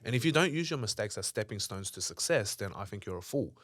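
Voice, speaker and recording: Fast-talking man, swearing freely. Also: fairly low pitch, animated, fairly bright tone, no echo, studio quality. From Australia. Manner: swears freely, acts out past arguments in a raised voice. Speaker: podcast guest, entrepreneur. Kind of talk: casual interview storytelling.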